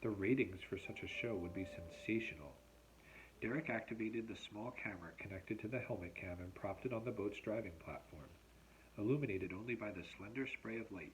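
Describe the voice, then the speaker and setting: A male teacher reading a novel aloud at home, expressive and measured in his storytelling. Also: fairly low pitch, slight background noise, rough recording.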